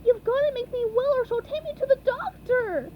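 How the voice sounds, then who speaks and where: SpongeBob, a squeaky sniffly sea sponge, as a woman puts him on. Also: sing-song, normal speed, highs cut off, a little hiss or hum. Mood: excited. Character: excitable childlike male sea sponge. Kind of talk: storybook reading.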